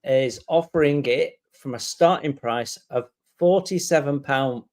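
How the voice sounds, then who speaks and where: A man's voice: medium pitch, darkish tone. A man co-hosting a charity auction, calling out the bids and teasing the bidders in casual chat. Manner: joking, teasing, brisk. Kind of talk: casual live-stream chat.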